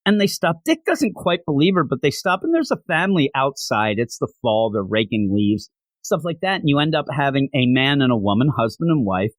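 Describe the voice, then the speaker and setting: A man hosts a comic book podcast, retelling a story in an easygoing, heartfelt way. His voice swings up and down with lively inflection. The sound is dry and close, with no room echo. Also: mid-range voice, fairly quick. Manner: animated, openly sentimental storytelling. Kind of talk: casual comic recap.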